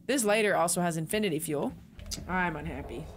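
A woman's voice: fairly low pitch, brisk, a little hiss or hum. A young woman streaming a horror game, chatting bluntly and reacting as she plays. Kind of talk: let's play commentary.

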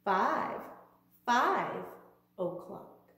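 A woman's voice: mid-range voice, very animated, very slow, sharp tone. A woman teaching preschoolers from home, talking in a sing-song, child-directed way. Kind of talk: virtual preschool lesson. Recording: echoey room, far from mic, faint ambience.

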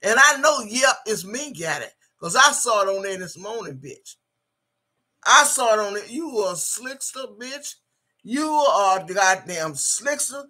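Female streamer: tense, sharp voice with a raspy grain, combative and foul-mouthed, reading chat between jabs. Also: a little high, animated, measured pace. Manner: profane, combative, repetitive; reads out viewer chat. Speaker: livestream host. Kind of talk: angry livestream rant.

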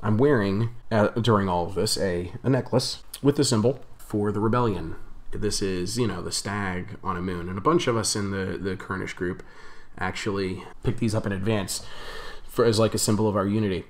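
A man's voice: fairly low pitch, moderate pace. A young man telling a rambling story on his vlog, chatty and laughing often. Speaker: vlogger.

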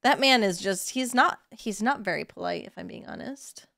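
A woman's voice: mid-range voice, expressive, moderate pace, vocal fry, fairly bright tone, no echo, studio quality. A young woman streaming a game, joking with crude asides and chatting casually.

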